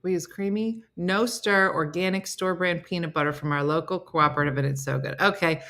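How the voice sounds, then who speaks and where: A woman's voice: fairly low pitch, fairly quick, few pauses, pushed and bright. A middle-aged woman hosting a casual live stream, reading viewer comments aloud with playful, laughing asides.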